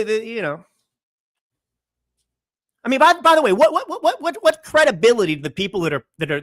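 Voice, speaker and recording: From a California home studio, a young man hosts his own political commentary show, delivering a fiery, combative rant full of indignant rhetorical questions. His voice is bright, forceful, and slightly high. The sound is dry and close with no room sound.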